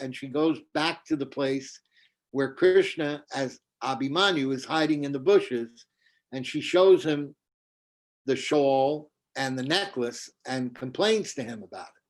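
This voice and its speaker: A man, a spiritual teacher, telling a devotional story over a video call and acting out its characters. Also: medium pitch. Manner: animated storytelling, acts out voices.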